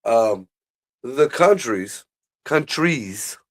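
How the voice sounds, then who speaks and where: A man's voice: mid-range voice, animated, extremely slow. A man co-hosting a casual livestream chat, rambling through theories and swearing as he goes. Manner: rambling, profane, laughs at his own jokes. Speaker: co-host.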